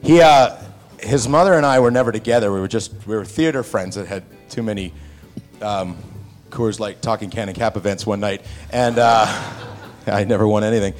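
A man telling an anecdote to an audience in a hall, animated and acting out the other people's voices. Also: lowish voice, normal speed, faint music behind. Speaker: actor telling a set anecdote. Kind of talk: onstage storytelling. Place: stage before an audience in a hall.

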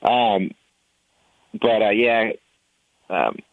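A low-pitched man talking candidly in a relaxed roundtable chat, full of opinions. His voice comes through a dry, tinny phone line. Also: drawn-out words, no room sound. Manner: candid, opinionated, mimics callers. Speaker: podcast roundtable guest. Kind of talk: casual chat.

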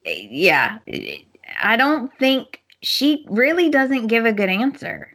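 A woman's voice: on the high side, wildly swooping pitch, slow, a bit bright, slightly rough. A woman co-hosting a podcast, chatting casually as she recaps soap opera episodes and acts out the characters' lines. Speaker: podcast co-host.

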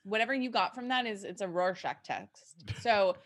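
A woman's voice: medium pitch, expressive, moderate pace. A young adult woman co-hosting a casual film podcast, talky and joking as she recaps the plot. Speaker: podcast co-host.

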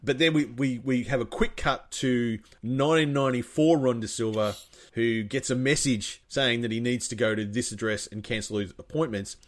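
A man's voice: medium pitch, moderate pace. Chatty man recapping a film. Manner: rambling, animated retelling with acted-out quotes. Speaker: podcast co-host recapping a film. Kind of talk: casual chat.

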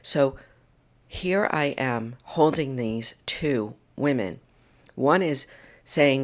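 A woman hosting a solo podcast monologue into a microphone, earnest and emotional, often dropping into a soft whisper. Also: extremely low pitch, slow. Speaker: podcast host. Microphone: studio microphone.

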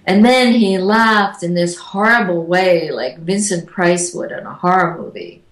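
A woman, an interview guest, telling personal stories in a casual, animated way and acting out the voices of the people she quotes. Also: lowish voice, measured pace. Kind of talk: casual storytelling. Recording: echoey room.

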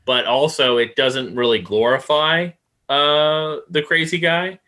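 A man's voice: on the high side, steady tone, measured pace, pushed and bright. A man co-hosting a podcast, talking loosely with swearing and lots of fillers. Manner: loose and profane, many fillers. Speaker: podcast co-host. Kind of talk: casual chat.

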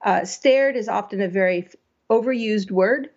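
A woman's voice: mid-range voice, moderate pace, a little mellow, muffled recording. A woman giving a conversational critique of a story draft, thinking aloud and asking herself questions as she works. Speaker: writing editor.

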